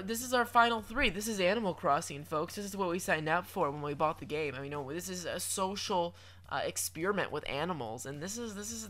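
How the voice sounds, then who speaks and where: A man's voice: high-pitched, sharp tone. A young man giving chatty, playful commentary over a video game, with lots of stammered restarts and mock-dramatic asides. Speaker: gaming commentator.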